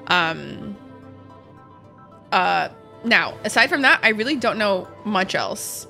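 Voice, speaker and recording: A woman streaming a game, chatting casually and profanely with her viewers and reacting quickly to chat. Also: medium pitch, sing-song, gravelly, pushed and bright, soft background music. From Canada. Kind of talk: casual live-stream chat while gaming.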